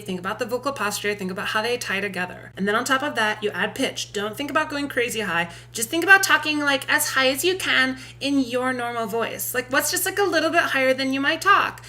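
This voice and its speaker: Male performer voicing a casual young woman, high, bright, instructive. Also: quick pace, few pauses, exaggerated voice. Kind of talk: demonstrating a voice technique.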